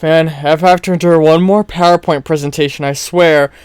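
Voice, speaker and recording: A man's voice: on the high side, steady tone, a little fast, a little mellow, smooth, dry recording, studio quality, lightly acted. A man playing a weary, well-dressed businessman who grumbles in a fed-up way. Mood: grumpy.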